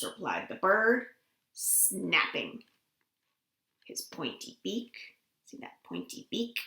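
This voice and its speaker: A woman librarian reading a picture book aloud to children from her home, gentle and expressive, with little gasps. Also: low voice, takes it slowly, creaky. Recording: roomy home room recording.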